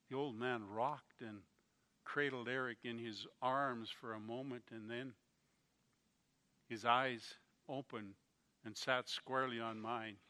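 A man preaching a sermon, telling a story slowly and with feeling, his volume rising and falling. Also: medium pitch. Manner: slow, emotional storytelling with swings in loudness.

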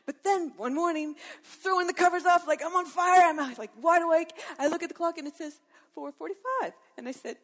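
A woman's voice: extremely high pitch, fairly quick. A middle-aged woman telling a personal faith story in a sermon-like talk, acting out her own thoughts and laughing often. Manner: lively storyteller who acts out her own inner dialogue and laughs often. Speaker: Christian women's speaker.

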